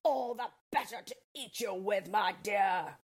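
A woman voicing a wily wolf putting on a croaky, falsely gentle old lady's voice in a storybook reading. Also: medium pitch, measured pace. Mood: falsely sweet.

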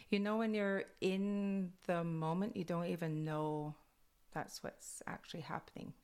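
A young woman from Alert Bay with a Kwakwala-influenced English accent, telling stories casually and laughing often. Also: low voice. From Alert Bay, Canada. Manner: laughing, animated retellings with filler words. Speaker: interviewee, Kwakwala speaker. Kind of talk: casual storytelling interview.

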